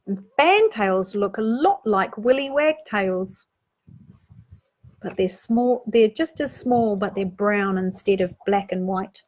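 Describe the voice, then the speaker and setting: A woman with a New Zealand accent reading a children's picture book aloud, gently asking young listeners questions as she goes. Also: mid-range voice, a little slow. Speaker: storytime reader.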